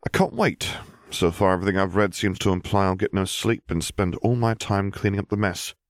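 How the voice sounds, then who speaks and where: A man's voice: low voice, a little fast, no room sound. A man voicing a wry, self-mocking young adult wizard in an audiobook reading. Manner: dry, self-mocking quips.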